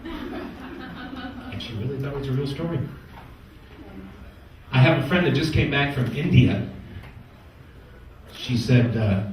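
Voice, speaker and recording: A man from New doing a stand-up comedy set, wisecracking with deadpan setups and punchlines. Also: mid-range voice, takes it slowly, long pauses, slight background noise. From New York. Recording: echoey room from far off.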